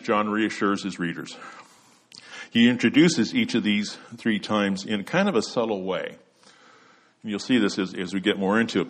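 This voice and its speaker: A man's voice: lowish voice, fairly bright tone. A man preaching an expository sermon, earnest and emphatic, letting his voice drop at the end of each point.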